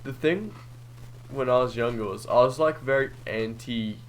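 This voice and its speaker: A man's voice: mid-range voice, moderate pace, slight background noise, rough recording. A young man co-hosting a podcast in a laid-back, easygoing casual chat. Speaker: podcast co-host.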